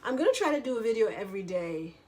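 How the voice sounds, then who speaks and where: A woman's voice: medium pitch, very animated, fast, dark tone. A woman vlogger in a casual storytelling monologue, chatty, full of filler words and casual swearing.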